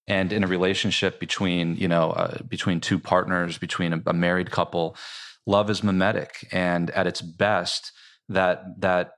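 A man's voice: deep voice, little pitch movement, moderate pace, fairly bright tone. A man who is an author, speaking as a podcast guest and thoughtfully explaining ideas with many filler words. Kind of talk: explanatory conversational interview.

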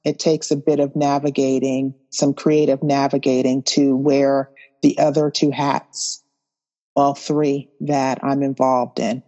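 A woman guest on a podcast, speaking in a measured, thoughtful way and listing things out slowly. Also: extremely low pitch, level tone, warm tone, highs cut off. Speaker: guest, farmer and author. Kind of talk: podcast interview. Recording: roomy with long reverb.

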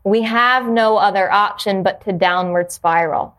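A woman at a middle pitch talks earnestly about purpose in a casual interview. Her pace is reflective, and she often restarts phrases while searching for the right words. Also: a little slow, fairly bright tone. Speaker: podcast guest, yoga teacher.

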